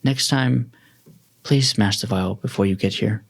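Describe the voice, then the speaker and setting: A man voicing a weary, deadpan woman attendant. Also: lowish voice, unhurried, vocal fry, slightly rough, heavily acted. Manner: deadpan, sighing, hushed. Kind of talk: tabletop role-play voicing.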